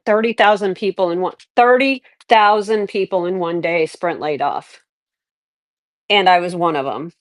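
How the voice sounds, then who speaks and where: A woman's voice: medium pitch, no echo. Middle-aged lady rambling on her livestream, candid, lots of restarts, dry close sound. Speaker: livestream host. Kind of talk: casual livestream chat.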